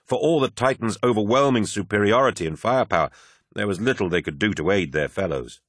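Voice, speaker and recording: A man giving a steady, dramatic scripted audiobook narration on a close studio mic. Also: on the low side, quick pace, dry recording.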